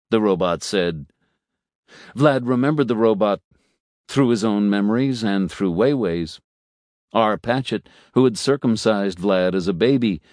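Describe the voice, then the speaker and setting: A man reading a story as an audiobook narrator, measured, shifting voice for the characters. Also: fairly low pitch, a little mellow, no echo, studio quality. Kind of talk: scripted narration.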